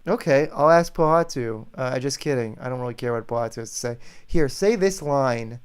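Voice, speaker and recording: Man, live-stream host, jokey, teasing, smooth, middle pitch. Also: normal speed. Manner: joking, teasing. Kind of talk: casual live-stream chat.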